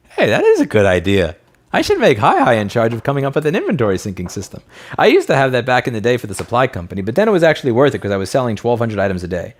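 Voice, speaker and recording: Blunt, profane man hosting a livestream. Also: fairly low pitch. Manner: blunt and profane, reading and answering chat messages. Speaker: livestream host answering chat. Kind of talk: casual livestream chat.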